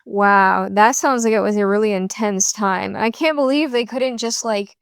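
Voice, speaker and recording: A woman's voice: mid-range voice, normal speed, clean tone, no echo, clean studio sound. A woman hosting a podcast, chatting casually and reacting to her guest in a friendly, conversational way. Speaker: podcast host. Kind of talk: casual interview chat.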